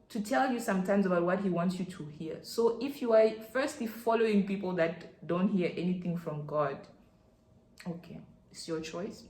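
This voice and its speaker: A woman with a Nigerian accent talking in an excited, chatty way, speaking straight to her listeners in a casual faith talk. Her voice sits fairly low, and the room around her is echoey. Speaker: Christian podcast host.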